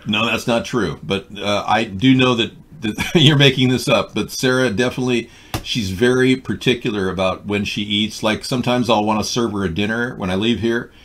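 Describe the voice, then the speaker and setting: A man's voice: fairly low pitch, normal speed, slight background noise. A middle-aged man hosting a live call-in stream, bantering casually with a caller. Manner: animated, bantering, drifts into a put-on accent. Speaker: live stream show host.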